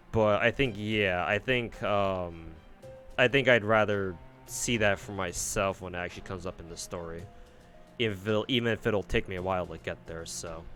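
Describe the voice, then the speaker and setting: A man's voice: fairly low pitch, fairly bright tone. A man streaming as he reads a game aloud, chatting casually with his viewers and rambling with many restarts. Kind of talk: casual live-stream chat.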